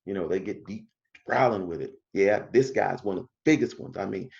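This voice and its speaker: A man's voice: sits low, fairly quick, gravelly, a little mellow, highs cut off. A man teaching a casual Bible study, emphatic and full of rhetorical questions.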